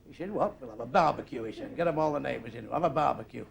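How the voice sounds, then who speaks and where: An older man telling crude jokes on a comedy club stage in a blunt, deadpan way. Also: medium pitch, rapid-fire, creaky, muffled recording, a little hiss or hum. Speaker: stand-up comedian. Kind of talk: stand-up joke telling. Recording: live club crowd laughing. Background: audience laughter.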